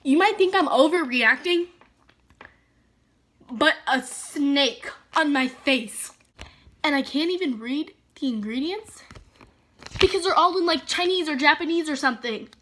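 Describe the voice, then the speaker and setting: Bubbly woman beauty vlogger, high voice, chatty and dramatic, faint hiss behind. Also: measured pace, pauses often, a bit bright. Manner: bubbly, dramatic reactions, lots of "like". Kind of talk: casual haul video chat.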